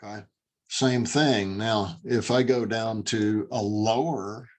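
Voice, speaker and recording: A male dog trainer leads a lesson over a video call, his voice sitting on the low side. He talks in an unhurried, deliberate way and leans hard on his points. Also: fairly even intonation. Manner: emphatic, demonstrates voice tones.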